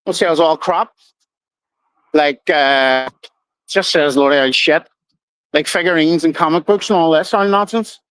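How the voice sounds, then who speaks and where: A man's voice: fairly high pitch, a little slow, pauses often, a bit bright, clean tone, no echo, rough recording. A middle-aged man, swearing freely as he rambles through stories on his casual livestream. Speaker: livestream host.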